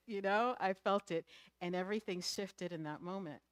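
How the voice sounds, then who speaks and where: A middle-aged woman minister giving a sermon, telling a personal story with lively, emotional delivery. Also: on the low side, normal speed, clean tone, no echo.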